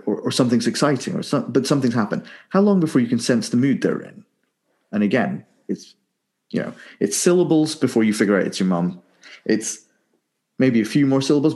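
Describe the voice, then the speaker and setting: A man, a singing coach explaining casually with lots of rhetorical questions. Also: mid-range voice. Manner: animated, rhetorical questions, sings vocal warm-up syllables.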